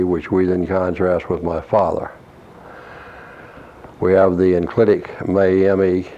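A man preaching an expository Bible lesson, reading verses slowly and explaining Greek words in a measured way. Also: sits low. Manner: slow, measured reading of scripture with Greek word study. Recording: dull lo-fi recording with faint hiss.

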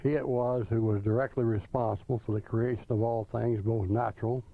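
A man preaching a sermon, reading scripture slowly and deliberately, with small restarts. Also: medium pitch, steady tone, no room sound. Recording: tinny phone-like line, dry.

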